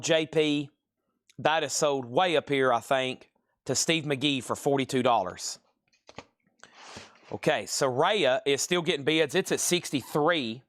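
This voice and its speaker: A man hosting a live record sale stream, briskly rattling off prices and bidder names. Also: on the high side, fairly bright tone, no room sound, studio quality. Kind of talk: live sales stream, calling bids.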